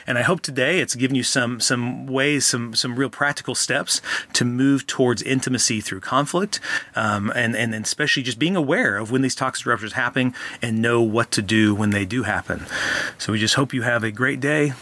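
A man's voice: mid-range voice, normal speed, pushed and bright. A middle-aged man, a counselor co-hosting a parenting podcast, talking in an earnest, casual way and often repeating words as he thinks aloud.

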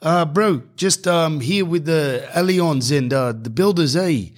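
A man putting on a high, drawling voice for a big, easygoing male Māori builder with a New Zealand Māori accent. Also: lightly acted. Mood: laid-back. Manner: drawn-out "bro" and "eh" tags, easygoing.

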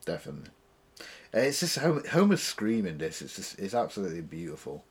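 A man's voice: low voice, quick pace, breathy edge. Rambling young man. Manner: rambling storytelling, gets loud and excited. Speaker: podcast co-host. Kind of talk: casual chat.

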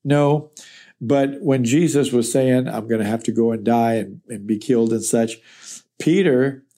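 A man with a mellow, warm voice leads a Bible study. He reads a passage aloud and then explains it in a plain, earnest way. His voice sits at an ordinary pitch for a man. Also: measured pace. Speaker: Bible teacher. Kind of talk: verse-by-verse Bible teaching.

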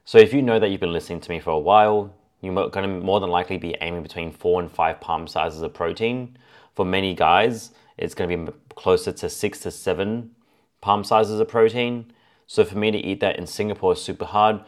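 A man's voice: low voice, steady tone, brisk. A man hosting a solo fitness podcast, talking casually and laying out his tips point by point. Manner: chatty, lists points as A and B. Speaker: fitness coach podcast host.

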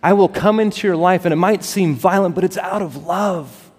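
Pastor, male, fairly high voice, preaching with passion in a reverberant church hall. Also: moderate pace. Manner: impassioned, builds to emphatic peaks then drops soft. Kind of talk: sermon. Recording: long reverb of a large hall.

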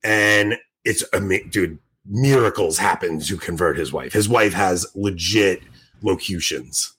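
A man with a husky, breathy voice chats on a podcast. He tells stories with excitement, acts out what people said, and laughs often as he goes. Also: low voice, unhurried. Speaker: podcast co-host. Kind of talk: casual podcast chat.

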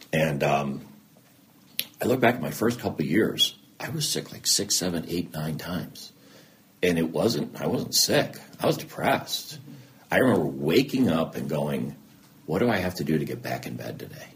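A man's voice: very deep voice, slight background noise. A middle-aged man, a TV news anchor speaking candidly as an interview guest and acting out both sides of old conversations. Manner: animated, acts out both sides of quoted dialogue. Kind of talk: candid personal storytelling.

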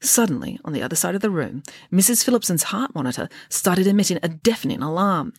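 Woman, author reading aloud, storybook narration, lowish voice, animated, dry close sound. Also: quick pace, hardly any pauses, slightly rough, dry recording. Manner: lively, voices each character in turn. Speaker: author reading her own book.

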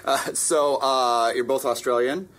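A man's voice: medium pitch, steady tone, a little slow, a bit bright. A man hosting a backstage podcast interview, asking questions in a friendly, jokey way. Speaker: interviewer host. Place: backstage at a concert venue.

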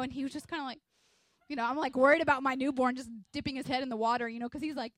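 A woman in her thirties preaching a sermon at church, conversational and energetic, acting out little scenes from family life. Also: high voice, racing, no room sound. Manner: energetic, conversational, acts out quotes from home life. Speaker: pastor's wife preaching.

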